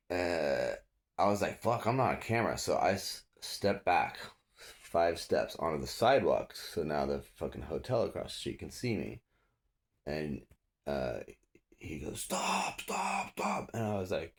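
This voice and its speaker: A man's voice: very deep voice, vocal fry. A man telling a story in a loose, casual way, swearing freely and acting out the other people's lines. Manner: profane, animated, acts out others' lines.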